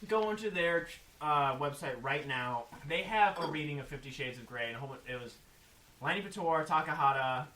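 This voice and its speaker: A man co-hosting a podcast, telling convention stories in a casual, animated way and acting out the quotes. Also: a little high, fairly quick. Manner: animated, laughing retelling with acted quotes. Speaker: podcast co-host. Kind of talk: casual storytelling chat. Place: room at an anime convention. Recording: roomy, noisy room recording.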